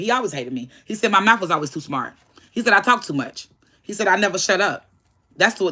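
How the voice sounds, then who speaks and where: A woman in her forties telling a family story to viewers in a heated, blunt, casual way, with speech. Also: lowish voice. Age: 40s. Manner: animated, heated, blunt with cursing.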